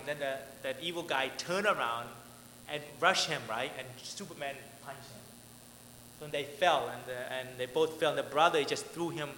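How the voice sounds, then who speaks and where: A man's voice: medium pitch, sharp tone, a little hiss or hum. A man, a pastor, preaching a conversational sermon, telling stories and checking in with "right?" after nearly every line. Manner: conversational, repeatedly asks "right?", laughs often. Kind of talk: sermon with storytelling. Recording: echoey hall with long reverb.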